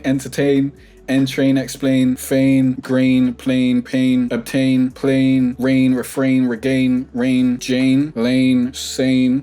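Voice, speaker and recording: Male rap tutor, laid-back and chatty, warm low-key voice. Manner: chatty, reads word lists aloud rapidly, tags lines with "innit". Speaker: music producer and rap songwriting tutor. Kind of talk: casual tutorial with sponsor plug.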